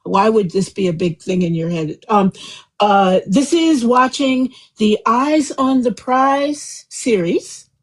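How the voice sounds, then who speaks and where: Brief: woman host, husky voice, rambling warm chat, home mic. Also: on the high side, takes it slowly, rough recording. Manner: chatty, rambling, warm and effusive. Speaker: host of a live book club discussion. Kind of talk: casual live group chat.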